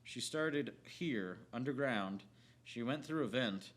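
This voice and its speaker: A man with a bright, sharp-edged voice rants casually about a movie. He rambles, swears freely and keeps cracking himself up. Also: mid-range voice, expressive, slow. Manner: profane, rambling, laughs often. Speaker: movie reviewer. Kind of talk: casual film rant.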